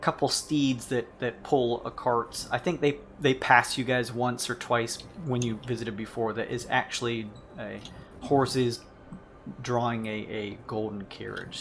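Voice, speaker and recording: Guy game mastering, gravelly voice, bit of background hiss. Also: medium pitch, fairly bright tone. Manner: descriptive narration with frequent restarts. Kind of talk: narrating a tabletop game over a voice call.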